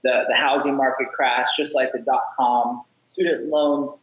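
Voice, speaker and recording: A man's voice: mid-range voice, measured pace, reverberant, rough recording. A man being interviewed on a podcast, talking energetically and acting out the people in his stories, often repeating words as he goes. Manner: energetic, acts out quoted dialogue, repeats words. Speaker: podcast guest, app founder. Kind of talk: casual interview storytelling.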